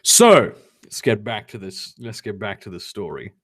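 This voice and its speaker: A man's voice: fairly low pitch, moderate pace. A young man reading a fanfiction aloud on a live stream, breaking off into sarcastic, profane commentary and chatting with viewers. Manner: sarcastic, swearing, animated asides. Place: home, lives in Germany.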